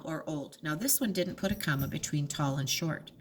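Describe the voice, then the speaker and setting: A woman's voice: low voice, normal speed, slight background noise. A middle-aged woman teacher giving a remote reading lesson to children, patient and spelling out letters one at a time.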